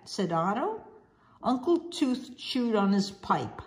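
A woman narrating a children's storybook with a clear, expressive delivery. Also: mid-range voice, slow pace.

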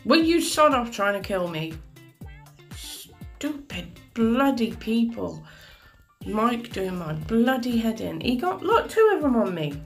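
A woman's voice: on the high side, sing-song, normal speed, few pauses, faint music behind. A woman giving chatty, exasperated commentary over a game she is playing, with plenty of mild swearing. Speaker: gaming commentator. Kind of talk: live gameplay commentary.

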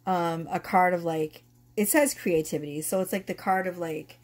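A woman's voice: fairly low pitch, steady tone, moderate pace. A woman in her thirties who is losing her voice, chatting casually and swearing as she reads tarot cards to camera. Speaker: tarot reader.

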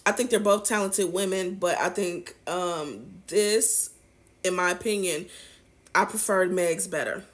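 On her celebrity gossip show, a woman offers casual commentary straight to her viewers, sassy, chatty, and full of slang. Her voice is on the low side and her pace measured.

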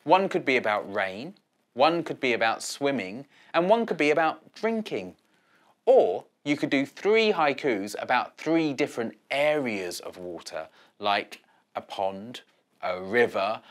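A middle-aged man teaching children how to write poems in a bright, expressive storytelling manner. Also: mid-range voice. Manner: expressive, drawn-out storytelling delivery. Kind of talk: lesson video for children.

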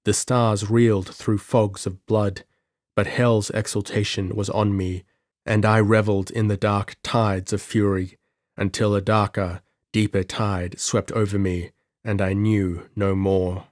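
A man narrating an audiobook with measured, dramatic delivery. His voice is low and unhurried, recorded close and dry with no room sound. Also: little pitch movement, darkish tone, dry recording.

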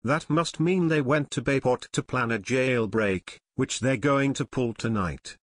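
A man's voice: mid-range voice, measured pace, no echo, studio quality, lightly acted. A man reading a plucky teenage boy detective who asks direct questions, in an audiobook. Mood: earnest.

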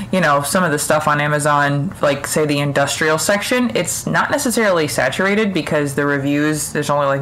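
Low-voiced young woman, hesitant caller. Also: a bit bright, slight background noise, rough recording. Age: young adult. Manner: hesitant, rambling with many fillers and restarts. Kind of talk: recorded voicemail question.

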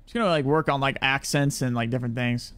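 A man's voice: medium pitch, fairly even intonation, fast, fairly bright tone, clear, resonant tone, no room sound. A young man swearing and rambling through casual commentary as he plays a game. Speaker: game streamer.

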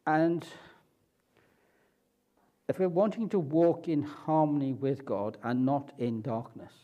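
A man preaching a sermon at a church, asking and answering questions slowly and deliberately. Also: a little high, dull audio.

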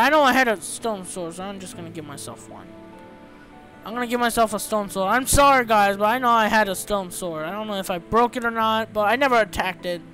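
A young man talks through a sandbox game, his voice swinging widely between mutters and startled yelps. He swears freely and complains at everything on screen. Faint music sits under him the whole time. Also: sits high. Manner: excitable, swears, yells when startled. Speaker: let's play host. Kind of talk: Minecraft gameplay commentary.

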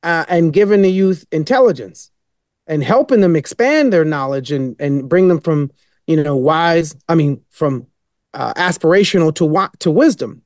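A man's voice: on the high side, lively intonation, moderate pace, darkish tone, no echo, studio quality. A man speaking as a podcast guest, rambling and emphatic in casual storytelling. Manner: rambling, many fillers and restarts, emphatic.

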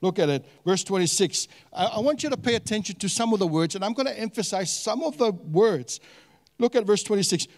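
A male pastor delivering a sermon with a notably high voice. He talks in an animated way, throwing rhetorical questions at the congregation and stumbling through fillers and restarts. The sound carries a long reverb from a large church room. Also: brisk. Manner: many fillers and restarts while teaching.

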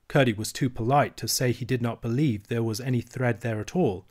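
A man with a voice of medium pitch reads a children's novel aloud. His narration is steady and measured. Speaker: reader.

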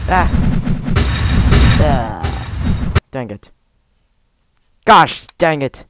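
A young man commentating a gameplay video, shouting and laughing between low mutters. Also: animated, extremely slow, dry recording. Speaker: gamer. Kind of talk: let's play commentary.

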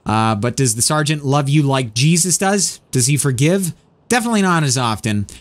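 A man voicing a kindly male neighborhood priest with a soft, pastoral manner. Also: medium pitch, animated, moderate pace, natural voice.

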